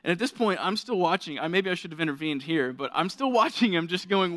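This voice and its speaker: A man's voice: expressive, fairly quick, few pauses, fairly bright tone. A young man preaching to a college group, casual and chatty, acting out parts of his story. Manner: casual, storytelling, acts out scenes with rising pitch. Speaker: pastor. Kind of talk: sermon. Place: lit stage before a college group.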